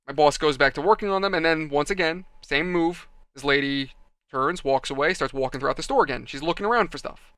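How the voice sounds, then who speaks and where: A man telling a rambling story in a chatty, animated way while building a model kit. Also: on the high side, fairly quick, no echo. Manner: chatty, animated, acts out quoted people.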